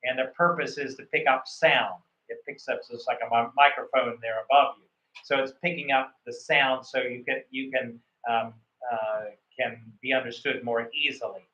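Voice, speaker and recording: A man's voice: mid-range voice, fairly even intonation, moderate pace, bright, forceful tone. A man coaching students for a visa interview, rambling with many fillers and restarts. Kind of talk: coaching on a call. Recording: echoey, muffled room sound.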